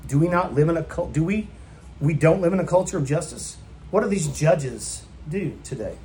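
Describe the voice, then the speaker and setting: A man's voice: a little high, expressive, moderate pace, warm tone, a little hiss or hum. A man preaching a sermon in a church, emphatic and full of rhetorical questions put to the congregation. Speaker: pastor.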